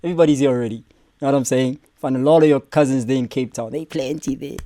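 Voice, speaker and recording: A young man with a mellow, relaxed voice. He hosts a casual reaction stream, swearing freely and joking as he answers the clips. The sound is dry and close. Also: medium pitch, fast talker, no echo. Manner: profane, joking, talks back at clips.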